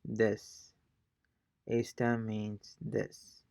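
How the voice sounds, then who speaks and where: Slow, gravelly man teaching a lesson. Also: lowish voice, little pitch movement, mellow, no room sound, studio quality. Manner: hesitant, thinking aloud with many fillers. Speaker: self-taught Spanish learner teaching a lesson. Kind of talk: casual language lesson.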